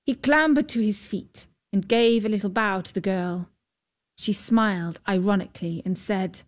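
A woman narrating a fairy tale in a calm, measured storytelling manner. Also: mid-range voice.

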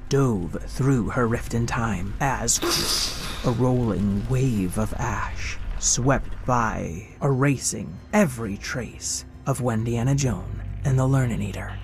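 Expressive storybook narrator over music. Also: mid-range voice, takes it slowly. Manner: expressive, dramatic reading with whispered moments.

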